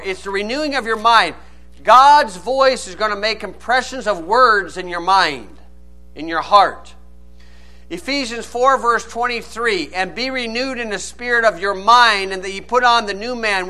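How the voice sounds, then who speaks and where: A man's voice: high-pitched, bright, forceful tone. A man preaching a sermon, reading old-style scripture and then explaining it plainly and with emphasis.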